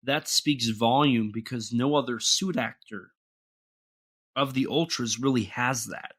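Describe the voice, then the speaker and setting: Halting, bright-voiced young man. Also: mid-range voice. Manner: rambling, halting, many restarts and fillers. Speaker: podcast co-host. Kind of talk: casual podcast chat.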